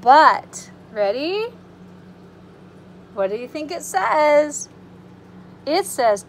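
A woman with a high voice reads a picture book to small children, drawing out the words at an unhurried pace. She is animated and expressive, gasping and exclaiming at the pictures, then drops into soft, reassuring asides for her young listeners. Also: a little hiss or hum, poor audio. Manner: animated storytime voice with gasps and exclamations. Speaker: preschool teacher.

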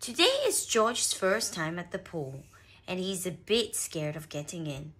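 A woman reads a children's picture book aloud as a storyteller. She takes it slowly, with small slips along the way. Her voice swoops up and down expressively. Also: fairly low pitch, sing-song, fairly bright tone, breathy edge.

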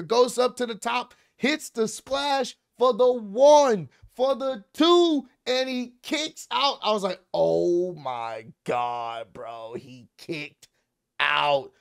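A young man casually recapping a wrestling match, animated and excitable, with slang and swearing. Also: very high voice, clear, resonant tone, dry recording, clean studio sound.

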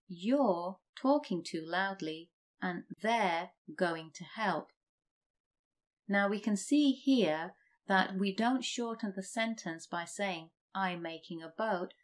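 Slow, deliberate woman teaching. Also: mid-range voice. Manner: reads example sentences slowly and deliberately. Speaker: English teacher. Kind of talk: slow scripted grammar lesson.

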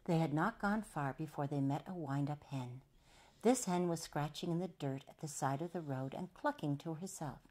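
A woman storyteller reading a children's picture book aloud in an expressive, sing-song way. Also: sits low, normal speed.

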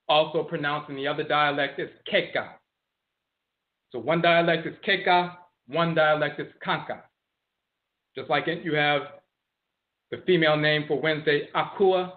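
A man giving a lecture on history and word origins, slowly explaining, repeating and spelling out terms. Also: a little high. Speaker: teacher of ancestral religion. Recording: tinny phone-like audio.

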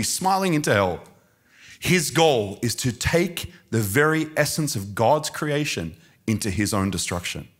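A man preaching a sermon, telling stories with passion and moving between quiet and loud. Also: mid-range voice. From Australia. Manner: impassioned storytelling, swinging between quiet and loud.

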